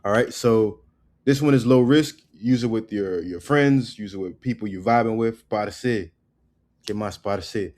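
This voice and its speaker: A man giving a casual spoken language lesson, loose and repetitive, tagging "right?" onto his points and drilling words slowly. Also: lowish voice, a little mellow. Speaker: language teacher.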